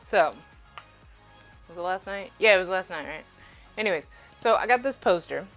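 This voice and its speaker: A woman with a low, deep voice talks loosely as she cooks in her home kitchen, rambling and swearing with easy laughs. Faint music plays beneath her. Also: lively intonation, normal speed, fairly bright tone. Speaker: cooking streamer. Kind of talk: casual live-stream chat while cooking.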